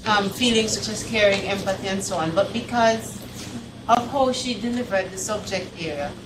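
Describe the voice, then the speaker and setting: A Jamaican woman student giving a measured answer in a class discussion, with many hesitations. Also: medium pitch. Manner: measured, filler-heavy answer. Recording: distant classroom recording, noisy.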